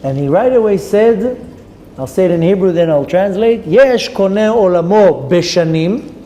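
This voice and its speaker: Rabbi telling a story with lively feeling. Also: male voice, high-pitched, moderate pace. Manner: animated storytelling with Hebrew terms and dramatic quoted voices. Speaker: rabbi giving a Torah class. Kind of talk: storytelling Torah lesson. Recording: long reverb with faint ambient noise.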